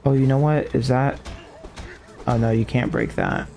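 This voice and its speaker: A man's voice: medium pitch, steady tone, normal speed, gravelly, warm tone, faint music behind. A man chatting casually while streaming a video game. He rambles, mocks himself and swears offhand. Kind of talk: casual gaming stream chat.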